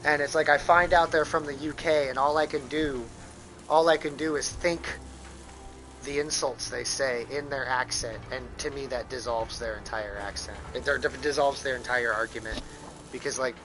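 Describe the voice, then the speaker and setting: A man's voice: medium pitch, fairly even intonation, normal speed, over music, rough recording. An American man rambling profanely in casual chat while live-streaming a game, full of restarts. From United States.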